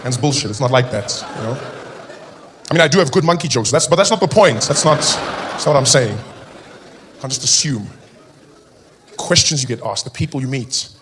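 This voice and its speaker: A man from South Africa performing a stand-up comedy set, animated and acting out other people's voices. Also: medium pitch, fairly quick, pauses often, slight background noise.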